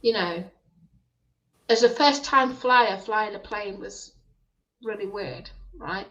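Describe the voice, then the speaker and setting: A woman's voice: mid-range voice, takes it slowly, a bit bright, muffled recording. A woman co-hosting a casual late-night chat who talks hesitantly and often stops to search for words. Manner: hesitant, with fillers and restarts. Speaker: co-host of a live stream.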